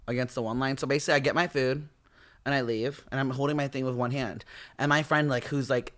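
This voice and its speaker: A teenage man telling a story as a podcast guest, animated and full of fillers, loudly acting out what others said. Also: medium pitch, quick pace. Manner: animated, acts out quotes loudly, heavy filler "like". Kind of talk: casual storytelling.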